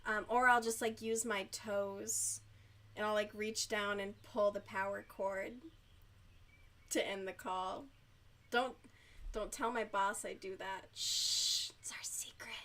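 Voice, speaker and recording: A woman streamer chatting casually while she crochets, giggly, youthful-sounding and quick to swear. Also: mid-range voice, steady tone, a bit bright.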